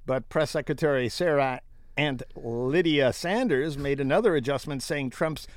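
A man's voice: mid-range voice, moderate pace, no echo. A man co-hosting a casual comedic news chat, reading stories aloud with a wry, mocking tone and frequent laughs.

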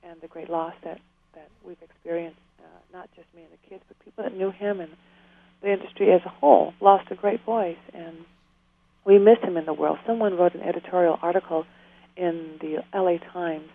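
A woman's voice: lowish voice, fairly even intonation, moderate pace, vocal fry, no room sound. Earnest woman on a tinny phone line. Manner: earnest, heartfelt, prone to tears and laughter. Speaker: guest, author. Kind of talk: emotional interview conversation.

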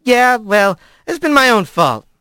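A man's voice: very high-pitched, sing-song, unhurried, sharp tone, smooth, no echo, studio quality, voice pushed up, exaggerated voice. A man voicing a shy male rat who speaks in a hesitant, casual way. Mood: awkward. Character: male rat, shy outsider returning to town.

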